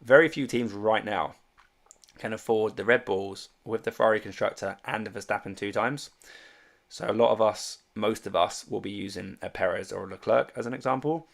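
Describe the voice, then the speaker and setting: This streamer and fantasy sports host chats casually on a livestream, reading out viewer comments and thinking aloud with plenty of fillers and restarts. His voice is fairly low and steady, with vocal fry, at a moderate pace.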